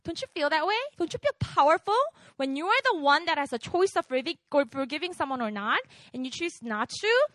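Woman, casual sermon, quizzes the audience, animated pitch, dry close sound. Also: brisk, no echo. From outside America. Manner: conversational, keeps quizzing the audience with "right?". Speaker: preacher. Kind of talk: casual sermon to a young congregation.

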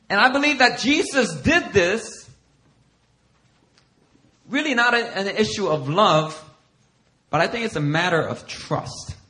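A man's voice: high-pitched, bright, forceful tone. A male pastor preaching a sermon, acting out scripture quotes and laughing often as he talks.

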